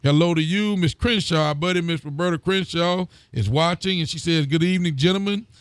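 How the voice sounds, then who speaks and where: Sheriff guy hosting, highish voice, greets folks by name, laughs easy. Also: brisk, clear, resonant tone, no room sound, clean studio sound. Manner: friendly, greets viewers by name, laughs easily. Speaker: county sheriff and show host. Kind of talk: casual chat reading out viewer comments.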